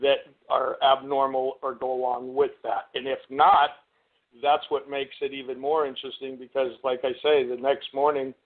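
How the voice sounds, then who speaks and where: Male caller, mid-pitched, hesitant and earnest, phone-line audio. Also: level tone, normal speed. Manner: earnest, hesitant, full of restarts. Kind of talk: casual call-in radio chat.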